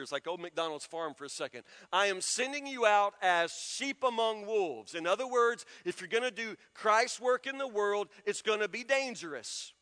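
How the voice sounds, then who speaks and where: A male pastor preaching a sermon in a church, emphatic and repeating key words, often dropping to soft, low stresses. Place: church sanctuary. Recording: long reverb of a church hall.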